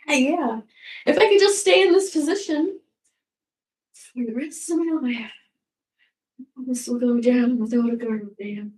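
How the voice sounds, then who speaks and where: A woman's voice: high-pitched, unhurried, long pauses, darkish tone. A woman in her sixties rambling casually at home in a goofy, self-mocking way, swearing freely and drifting now and then into whispers. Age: 60s. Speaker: vlogger. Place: home room.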